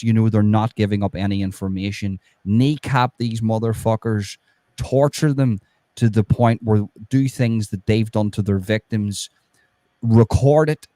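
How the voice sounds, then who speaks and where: A man's voice: lowish voice, mellow, no echo. A man chatting heatedly about true crime, swearing often and restarting his sentences. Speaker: podcast co-host. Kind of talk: casual true-crime chat.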